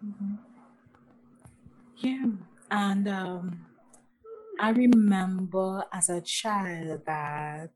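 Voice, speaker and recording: A woman from Nigeria, a guest on an interview, telling her own story in a slow, halting way with many restarts. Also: mid-range voice, fairly even intonation, poor audio. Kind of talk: personal testimony.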